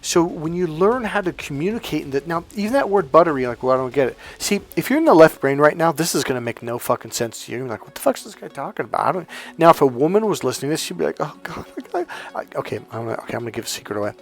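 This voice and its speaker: A man talking as a dating coach in a casual monologue, profane and animated, acting out the voices of the people he quotes, with faint music behind him. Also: a little high, very fast.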